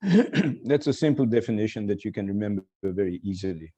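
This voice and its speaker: An older man lecturing online as a professor, explaining slowly and quizzing his students. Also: on the low side, animated, warm tone, slightly rough. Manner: explanatory, questioning students, self-correcting.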